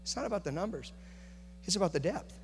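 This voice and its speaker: A man preaching a sermon, moving between quiet, confiding talk and loud, rising passion. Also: high-pitched, expressive, fast. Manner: builds from hushed to shouting intensity. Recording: echoey hall with faint hum.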